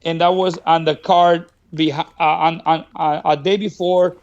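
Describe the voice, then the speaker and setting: Boxing trainer from Mexico, guest on a podcast, high voice, lively yarn-spinner who plays every quote. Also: male voice, moderate pace, lo-fi sound. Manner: animated, acts out quoted dialogue, laughs often. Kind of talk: casual storytelling. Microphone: studio podcast mic.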